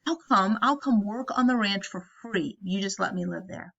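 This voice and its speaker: A woman's voice: medium pitch, moderate pace, vocal fry, fairly bright tone, highs cut off. Woman voicing a lonely older stable hand. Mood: hopeful pleading.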